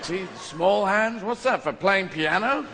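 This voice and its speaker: A man's voice: sits high, lively intonation, takes it slowly, creaky. A man doing a stand-up comedy routine, rambling and playful with mock-pompous asides, recorded live in a large venue. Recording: live show in a big reverberant hall, noisy.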